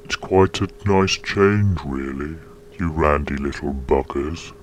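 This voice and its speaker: A grumbling old male tree, put on by a man in a comic sketch, mocking and superior. His voice sits very low and crawls along at a slow pace. A faint hum and background noise sit under it. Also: low-quality recording. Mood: scornful. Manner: slow, deep, mocking monologue.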